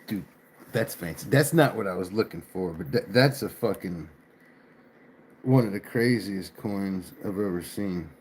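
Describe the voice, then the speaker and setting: A man's voice: deep voice, measured pace, darkish tone, slight background noise. A man hosting a casual livestream, chatting in a laid-back way with his viewers and swearing now and then. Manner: laid-back, chatty, mild swearing, addresses chat as y'all. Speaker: livestream host. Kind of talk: casual live-stream chat.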